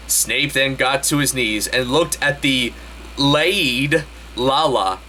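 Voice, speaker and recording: A man hosting a comedic dramatic reading, deadpan and slow, with exasperated asides. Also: mid-range voice, slight background noise. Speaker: host.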